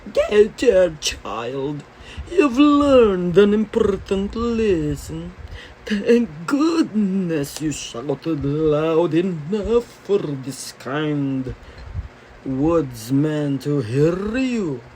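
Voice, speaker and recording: A woman voicing a relieved, doting old grandmother in a slow, comforting storybook voice. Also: deep voice, lively intonation, mellow, a little hiss or hum, full character voice, rough recording.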